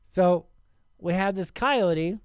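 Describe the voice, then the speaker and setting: Excited rambling middle-aged man, smooth voice. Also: high-pitched, takes it slowly, no echo, clean studio sound. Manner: excited, rambling, many restarts and "right?". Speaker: channel host. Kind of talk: casual video commentary.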